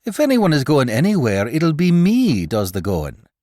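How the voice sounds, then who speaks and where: A man performs a big, brash Irish spaceman for a dry, close audiobook read. The brogue is folksy and swaggering, with lively swoops of pitch, and the cocky tough-guy bluster never lets up. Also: normal speed, no room sound.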